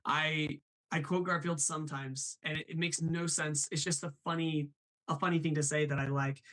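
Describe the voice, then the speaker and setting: A man's voice: fairly high pitch, steady tone, normal speed, fairly bright tone, low-quality recording. Upbeat man hosting a live stream. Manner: upbeat, laughs often, reads chat aloud. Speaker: host.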